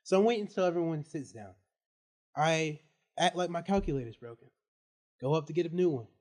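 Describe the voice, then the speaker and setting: A male student on a casual podcast, telling an animated story and laughing as he goes. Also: fairly high pitch, a little fast. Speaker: student guest.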